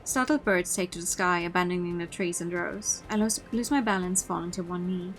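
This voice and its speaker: A woman's voice: lowish voice, brisk, poor audio. Woman streamer narrating a story game. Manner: expressive narration with small slips and restarts. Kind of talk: reading a story game aloud. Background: background music.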